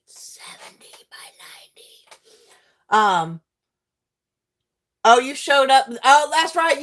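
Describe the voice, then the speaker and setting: A middle-aged woman with a somewhat high voice chats with her livestream viewers as she works on a craft. She talks in a lively, animated way, laughs often, and breaks off to greet viewers by name. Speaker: livestream host and teacher. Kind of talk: casual chat with viewers while crafting.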